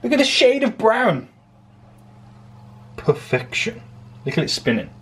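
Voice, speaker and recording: A man's voice: high-pitched, sing-song, a little slow, fairly bright tone, breathy edge. A man vlogging a playful cooking demo in his home kitchen, filming on a handheld phone and narrating each step with jokes. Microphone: handheld phone camera.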